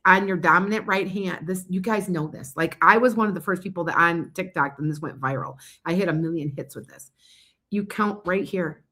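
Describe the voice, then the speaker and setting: A woman's voice: fairly low pitch, brisk, bright, forceful tone. A woman giving psychic readings on a casual livestream, chatting loosely and often losing her train of thought. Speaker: psychic reader.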